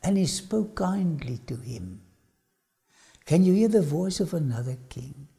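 A man's voice: on the high side, animated, creaky, mellow. A man preaching a dramatic sermon-style lecture, often dropping suddenly to a whisper. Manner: slow dramatic delivery with sudden drops to a whisper.

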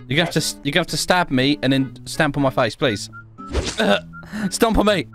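A man's voice: fairly high pitch, expressive, normal speed, fairly bright tone, soft background music. A man giving joking gameplay commentary in voice chat, playful and teasing, laughing often. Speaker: gaming YouTuber.

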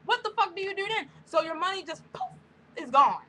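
Fired-up woman venting on her vlog, high pitched voice, swearing nonstop. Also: expressive, fairly quick, sharp tone, a little hiss or hum, poor audio. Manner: heated, blunt, heavy cursing. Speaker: vlogger. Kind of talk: angry profane rant to camera.

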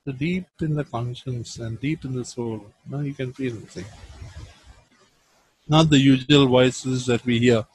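A man preaching a sermon, reading Bible verses and swinging from loud emphasis to hushed tones. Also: mid-range voice, steady tone, a little slow, husky, no echo, low-quality recording.

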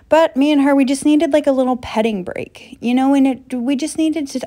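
Young woman, casual voice-over, dry humor, jumps up in pitch when excited. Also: brisk, few pauses. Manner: wry, deadpan jokes with sudden excited rises. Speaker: pet vlogger.

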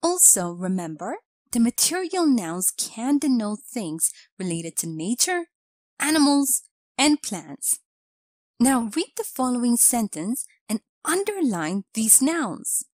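A woman reads a scripted grammar lesson at a slow, careful pace. Her pitch sits a little high and moves up and down a lot. The recording is dry and close. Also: very animated, a little mellow, no echo. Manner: slow, clear instructional delivery. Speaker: English teacher.

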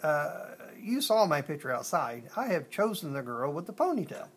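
A storyteller voicing a playful old male artist who talks loudly and kindly. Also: mid-range voice, very animated, normal speed, slightly rough. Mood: firm.

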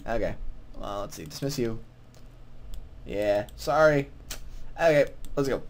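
A man's voice: mid-range voice, expressive, a little slow, pauses often. A young man casually commenting while playing a quest, rambling and self-mocking, often confused. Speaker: gamer playing through a quest. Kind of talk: casual let's-play commentary.

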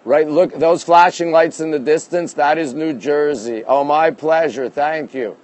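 Here the same kind of scene: a Canadian host livestreaming from his rooftop at night on a handheld phone, upbeat, reading comments and naming viewers. His voice sits fairly high and sounds a little mellow, and he takes his time.

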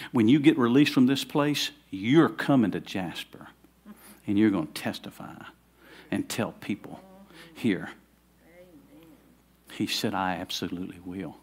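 A man's voice: fairly low pitch, lively intonation, a little slow, breathy edge. A middle-aged man, preaching a sermon in a conversational way that builds to fervent emphasis. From Southern United States. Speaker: pastor.

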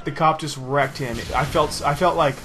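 A man's voice: fairly high pitch, fairly even intonation, moderate pace, sharp tone, soft background music. A young man casually telling a rambling story over gameplay, swearing freely and laughing at his own tale. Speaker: gaming video host.

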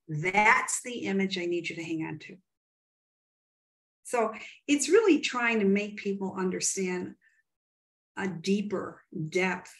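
A woman from the United States, a psychic medium, retelling a client conversation with emphatic, quoted dialogue in an interview. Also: on the low side. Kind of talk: animated storytelling in an interview.

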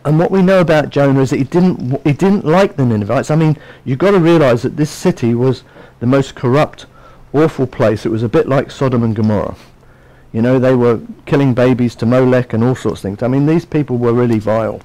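A man preaching a sermon in an animated storytelling manner, acting out what people say. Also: mid-range voice, brisk, low-quality recording. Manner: animated, storytelling, acts out voices.

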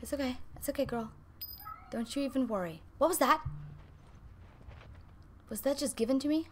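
A young woman giving chatty, excitable let's-play commentary, talking to her viewers and shushing her cats. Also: high-pitched, normal speed, a little hiss or hum. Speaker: gaming video host. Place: home room with cats nearby.

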